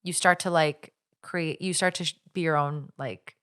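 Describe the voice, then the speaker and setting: A woman's voice: low-pitched, steady tone, moderate pace, fairly bright tone, smooth. A woman co-hosting a podcast, telling a personal story in casual, rambling chat full of 'like' and restarts. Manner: chatty, lots of 'like' and restarts, recounting a stalker story. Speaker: podcast co-host.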